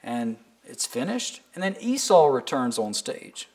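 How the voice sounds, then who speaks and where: A man's voice: medium pitch, big pitch swings, unhurried, darkish tone. A man preaching a sermon, earnestly asking his listeners pointed questions and reading scripture aloud with emphasis.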